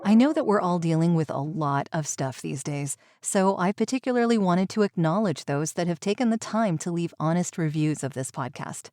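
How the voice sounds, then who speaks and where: Woman, podcast host, reading listener review, lowish voice, dry recording. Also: lively intonation, moderate pace, few pauses, mellow, dry recording, faint music behind.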